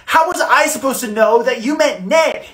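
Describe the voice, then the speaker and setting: A woman's voice: sits high, normal speed, a bit bright. A woman voicing a whiny younger brother in a cartoon story who keeps protesting being left out.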